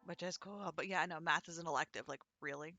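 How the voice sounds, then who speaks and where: Bright-voiced chatty woman streamer. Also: sits low, fast talker, soft background music. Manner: chatty, rambling anecdotes with acted quotes. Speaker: let's play streamer. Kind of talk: casual gameplay commentary.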